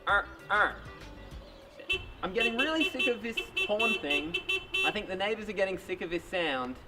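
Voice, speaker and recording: Brief: man, high lively voice, deadpan comic host, loud music behind, off-mic sound. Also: moderate pace, distant mic. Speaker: comedy sketch host. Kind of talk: comic skit, deadpan translating.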